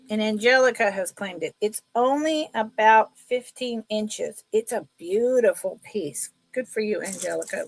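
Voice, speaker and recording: A middle-aged woman chatting casually while selling jewelry on a live sale, telling stories in an animated way. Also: a little high, no room sound.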